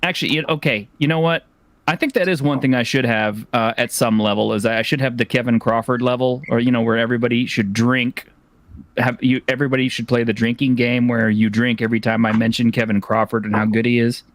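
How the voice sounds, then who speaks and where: A man's voice: mid-range voice, fairly even intonation, fairly quick, no room sound. A man hosting a casual chat who reads out donations in a jokey, rambling, teasing way. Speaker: host.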